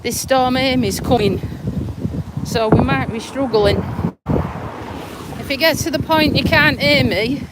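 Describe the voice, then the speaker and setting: A woman walks and talks in a casual live vlog, slow and unhurried, swearing freely and a bit out of breath. Wind and outdoor noise come through clearly on her phone recording. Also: high-pitched. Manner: chatty, blunt, swears casually. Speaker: vlogger. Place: outdoors on a windy walk.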